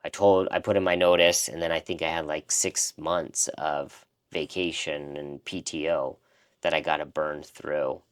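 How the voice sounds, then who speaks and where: A man's voice: very deep voice, little pitch movement, measured pace, smooth. A man co-hosting a casual talk, earnestly telling a personal story and acting out remembered conversations. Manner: earnest, reflective, acts out remembered dialogue. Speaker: life coach and podcast co-host.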